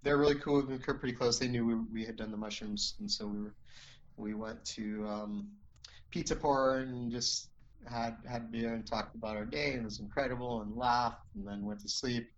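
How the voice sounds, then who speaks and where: A man's voice: mid-range voice, steady tone, moderate pace, dull audio. A man telling a personal story as an interview guest, earnest and rambling, with many restarts and "you know"s.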